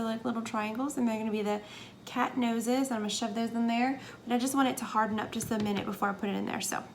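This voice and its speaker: Young woman, casual crafting vlogger, hesitant and chatty, light higher voice, faint noise floor. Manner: chatty, hesitant, drops into whispers while working. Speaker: soap maker. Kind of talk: casual how-to narration.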